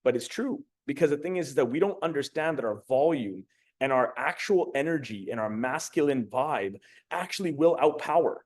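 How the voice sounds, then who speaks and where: A man's voice: medium pitch, normal speed. A young adult man giving a casual motivational talk as a communication coach, swearing freely and acting out quotes. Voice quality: swearing, animated storytelling with acted-out quotes.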